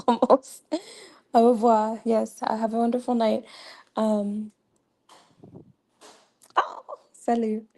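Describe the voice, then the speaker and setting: A woman's voice: fairly high pitch, level tone, unhurried, warm tone. A young woman hosting a casual livestream, chatty and laughing often, with many fillers. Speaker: livestream host.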